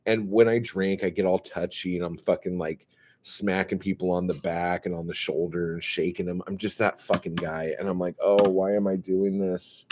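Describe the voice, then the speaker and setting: Deep-voiced man telling profane stories. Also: steady tone, normal speed, slight background noise. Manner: profane, self-mocking, swings between loud outbursts and mumbles. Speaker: comedian hosting a live stream. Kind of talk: casual profane storytelling.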